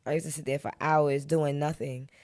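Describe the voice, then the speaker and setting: A woman's voice: sits low, fairly even intonation, normal speed, a little mellow. A woman from Queens, a podcast guest telling stories of her early rap days in blunt, laid-back street slang. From Queens, New York. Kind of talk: casual storytelling interview.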